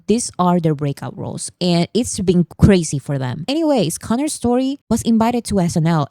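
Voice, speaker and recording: A woman's voice: fairly low pitch, mellow, no echo. A young woman hosting a vlog, talking through pop-culture news in a chatty, emphatic way. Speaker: vlog host. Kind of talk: casual pop-culture commentary. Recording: dry, no pop filter.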